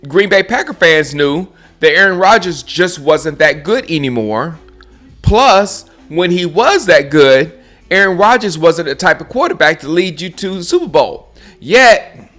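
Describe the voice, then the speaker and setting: On his own live stream, a man rants about football in a casual, mocking way, laughing often and restarting sentences. His voice is on the high side, pushed and bright.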